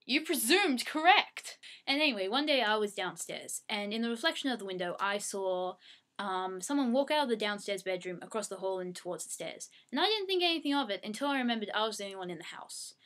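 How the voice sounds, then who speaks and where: A woman's voice: medium pitch, expressive, quick pace, fairly bright tone. A young Australian woman casually answering fan questions at home into her webcam mic, chatty and self-mocking. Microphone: webcam microphone.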